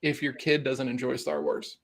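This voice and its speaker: A man hosting a casual chat. He asks curious questions in a relaxed, rambling way, full of fillers. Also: mid-range voice, normal speed, vocal fry. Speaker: host.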